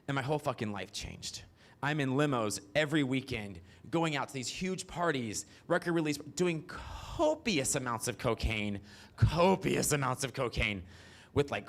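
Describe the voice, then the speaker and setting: Brash, profane man telling stage stories. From American South. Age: 40s. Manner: brash, profane, animated with sudden high squeals. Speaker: stand-up storyteller. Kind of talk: stand-up comedy storytelling. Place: theater stage.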